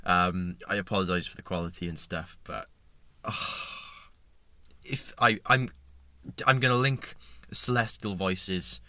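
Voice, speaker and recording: A young man vlogging impulsively, emotional and stumbling over his words as he rushes through his story. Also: sits low, steady tone, bright, forceful tone, dry recording. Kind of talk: impulsive excited vlog.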